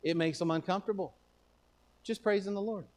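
A man's voice: high-pitched, brisk, darkish tone. A man with a Texan accent preaching a sermon in a folksy, conversational way that swells into emphatic declarations. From Texas. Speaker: pastor.

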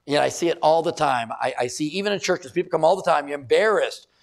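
A middle-aged male pastor preaching a sermon in a church, animated, often repeating words and putting questions to the congregation. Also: a little high, quick pace.

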